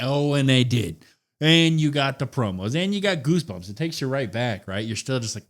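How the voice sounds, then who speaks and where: A man's voice: medium pitch, big pitch swings, brisk. A man co-hosting a podcast, giving a laid-back but enthusiastic casual wrestling recap. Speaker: podcast co-host.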